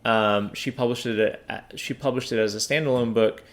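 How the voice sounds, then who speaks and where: A man's voice: mid-range voice, fairly even intonation, normal speed. A man co-hosting a casual book podcast, talking hesitantly with many fillers and restarts. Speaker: podcast co-host.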